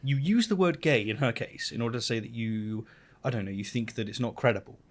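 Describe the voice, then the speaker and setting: A young man co-hosting a casual chat, sarcastic and quick to laugh. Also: mid-range voice. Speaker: co-host.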